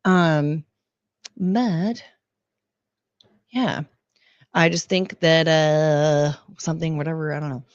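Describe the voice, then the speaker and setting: Hoarse sick woman rambling on stream. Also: deep voice, steady tone, no room sound, muffled recording. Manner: rambling, halting, self-deprecating. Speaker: streamer host. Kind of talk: casual stream chat.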